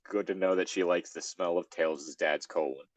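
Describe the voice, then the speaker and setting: A man's voice: deep voice, fairly even intonation, normal speed, no room sound. A man reading a silly story aloud with friends and cutting in with dry, sarcastic asides. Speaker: co-reader. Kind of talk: comic read-aloud with commentary.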